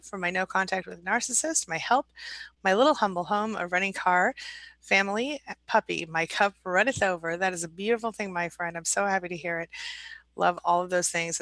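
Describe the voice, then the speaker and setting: Woman hosting a live chat, bright voice, dry close sound, reading comments one by one. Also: fairly low pitch, no room sound. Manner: warm, emotional, reads viewer comments aloud. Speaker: host.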